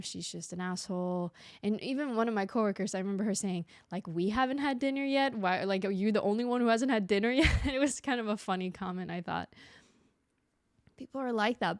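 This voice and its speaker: A young adult woman hosting a solo podcast, chatting casually and telling stories with quick restarts and voices for other people. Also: mid-range voice, no echo, clean studio sound. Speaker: podcast host. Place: home room.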